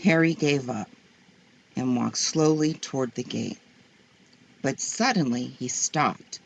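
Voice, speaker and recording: A woman reading children's stories aloud in a slow, gentle, expressive way. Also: extremely low pitch, gravelly, breathy edge. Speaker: storyteller. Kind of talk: children's story read-aloud.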